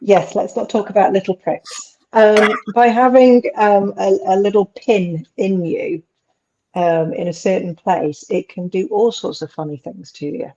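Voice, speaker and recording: A woman's voice: medium pitch, steady tone, a little slow, warm tone. A woman chatting casually, rambling with many fillers. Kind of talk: casual chat. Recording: dull lo-fi sound.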